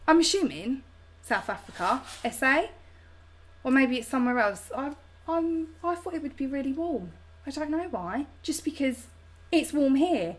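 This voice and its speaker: A woman's voice: mid-range voice, fairly bright tone. A chatty woman with a British English accent, hosting a home livestream and answering viewer comments in a bubbly, slangy way. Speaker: host. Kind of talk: casual chat reading viewer comments on a livestream.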